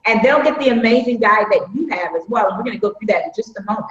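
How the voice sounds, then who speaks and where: A woman's voice: fairly high pitch, fast talker, a bit bright, dull audio. Upbeat woman hosting an echoey live stream. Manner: upbeat, chatty, folksy y'all. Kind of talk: casual live-stream chat.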